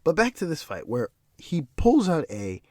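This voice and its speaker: A man hosts his own commentary podcast and rants with heated profanity. His pitch swings widely as he repeats words and restarts sentences in frustration. The recording is dry, with no room sound around him. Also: wildly swooping pitch, normal speed, a little mellow, dry recording. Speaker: podcast host.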